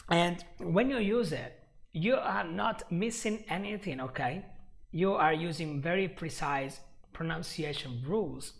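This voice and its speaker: Male English teacher, a gravelly edge and an easy, drawn-out pace, running a live lesson. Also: fairly high pitch, lively intonation, slight background noise. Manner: repeats himself for emphasis, frequent "right?". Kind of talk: live online lesson with chat questions.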